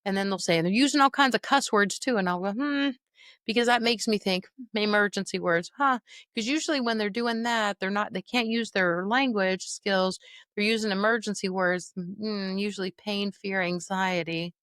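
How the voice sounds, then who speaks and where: A middle-aged woman, a dementia caregiver and trainer, coaching listeners on a podcast in a lively, folksy, direct way. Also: mid-range voice, moderate pace, clean tone, no room sound, studio quality. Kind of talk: podcast teaching monologue.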